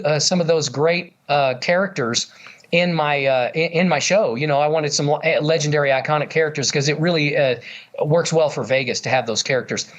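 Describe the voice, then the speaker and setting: A man who works as a ventriloquist, chatting eagerly in an interview and telling stories with lots of fillers. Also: fairly high pitch. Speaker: ventriloquist guest. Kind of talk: casual interview chat.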